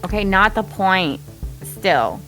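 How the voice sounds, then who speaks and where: A woman playing a tabletop game, talking in an animated, rambling way. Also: mid-range voice, soft background music. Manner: animated, rambling, quick to laugh. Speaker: player. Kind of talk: casual tabletop play.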